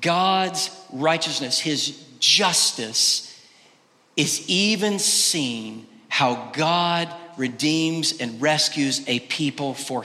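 A male pastor preaching a sermon, swinging between loud, emphatic exclamations and quiet, hushed lines. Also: mid-range voice, long reverb tail. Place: church sanctuary.

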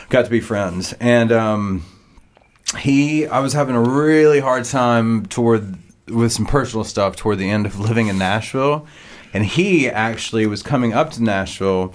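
A man's voice: lowish voice, normal speed. A man co-hosting a podcast, chatting casually in a laid-back, jokey way and telling a rambling story. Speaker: podcast co-host. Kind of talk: casual chat.

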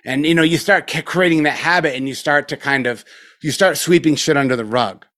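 A man's voice: a little high, fairly quick, a bit bright. Rambling, profane meditation teacher man. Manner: loose, profane, rambling with many fillers. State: a little spaced out after retreat. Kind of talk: casual dharma talk.

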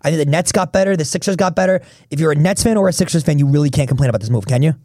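A man hosting a sports podcast, talking fast and emphatically as he argues his points. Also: fairly high pitch, warm tone, no echo, studio quality. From Philadelphia area. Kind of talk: casual sports talk.

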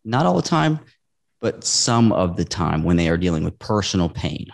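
Appearing as a guest on a podcast, a man who invests in real estate chats casually and tells stories in an earnest, animated way, acting out the quotes. His voice is low and gravelly, at a normal speed.

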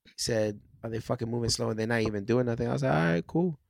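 Quick-talking man telling a work story. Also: mid-range voice, creaky, dry recording, clean studio sound. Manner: animated storyteller, acts out customers, swears often. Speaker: store employee telling stories. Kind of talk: casual chat among friends.

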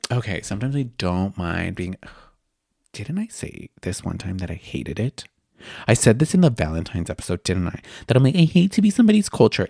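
A man's voice: lowish voice, no room sound, studio quality. A young man hosting a candid podcast, gushing and chatty, sometimes dropping into whispers. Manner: gushing, expressive, slips into whispers. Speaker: podcast host. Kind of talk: candid casual chat.

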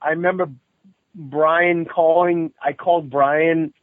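Male phone-in guest, animated storyteller, slightly high voice, tinny dry phone line. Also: takes it slowly, no echo. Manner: animated storyteller who acts out quoted voices. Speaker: podcast guest. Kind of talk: casual phone interview.

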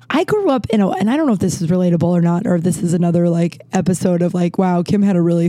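A woman's voice: mid-range voice, warm tone, no room sound. A woman hosting a solo podcast from her closet, rambling candidly and swearing freely. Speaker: podcast host. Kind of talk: casual solo podcast chat. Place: small closet.

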